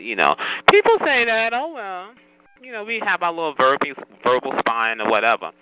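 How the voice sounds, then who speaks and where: A man's voice: high-pitched, big pitch swings, a little fast, narrow, tinny audio, over music. A man hosting a phone chat line, scolding callers in a sassy way and calling everyone honey.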